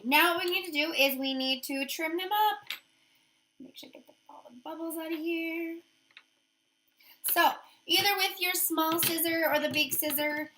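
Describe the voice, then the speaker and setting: Chatty woman showing how to put on nail wraps, high bright voice, upbeat. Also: normal speed. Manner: chatty, upbeat, thinks aloud while working. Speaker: nail wrap demonstrator. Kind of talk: casual how-to demonstration.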